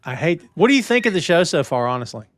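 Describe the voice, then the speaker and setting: Animated, jokey man in casual commentary. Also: quick pace. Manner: jokey, acts out silly voices, big pitch swings. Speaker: podcast co-host.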